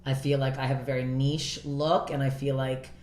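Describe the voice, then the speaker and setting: A woman's voice: moderate pace, slight background noise. Brash, swearing woman comedian in an echoey kitchen. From Canada. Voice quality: low voice for a woman. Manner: loud, swearing, animated storytelling with acted-out quotes. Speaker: comedian guest. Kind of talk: casual chat.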